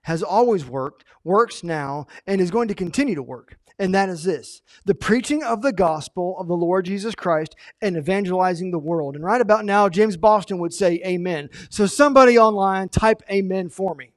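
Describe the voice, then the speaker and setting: A man preaching a sermon, animated, acting out the story's characters as he retells them. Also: high-pitched, normal speed, hardly any pauses. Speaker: pastor.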